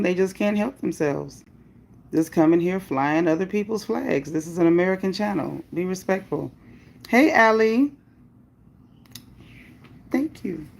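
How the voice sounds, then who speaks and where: This livestream host reads viewer comments aloud and talks frankly about her views and how chat should behave. She has a lowish, slightly mellow voice with vocal fry, calling out viewers by name and breaking into upbeat moments.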